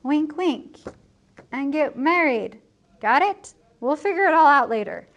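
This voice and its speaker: A woman's voice: sits high, lively intonation, measured pace, fairly bright tone, pitched above the performer's own voice. A woman voicing a scheming young male servant in a breezy, conspiratorial paraphrase. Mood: coaxing.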